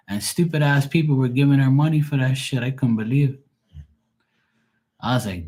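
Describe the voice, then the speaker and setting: Male tarot reader, casual stream chat, blunt and profane, average pitch. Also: moderate pace, pauses often, a little mellow.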